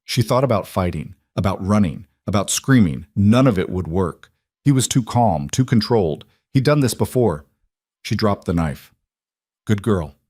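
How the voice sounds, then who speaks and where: Low male narrator reading a drama story, dry close sound. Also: darkish tone, dry recording. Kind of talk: scripted romance narration.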